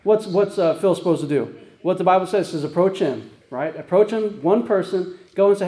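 A man's voice: sits high, normal speed, warm tone, reverberant. A man preaching a sermon as pastor, conversational, often checking in with "right?" and "guess what?".

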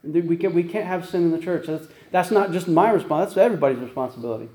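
Male pastor, fast conversational sermon, mellow voice, echoey church room. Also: fairly high pitch. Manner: conversational, repeats "right?" and "guess what?".

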